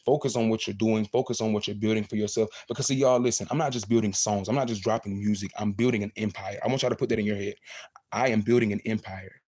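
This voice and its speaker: A young man speaks to his fans on a livestream through a phone or webcam mic. His voice sits a little low and sounds warm and mellow. He talks in an earnest, motivational way, often repeating lines for emphasis. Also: fairly even intonation, racing, hardly any pauses. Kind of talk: casual livestream talk to fans.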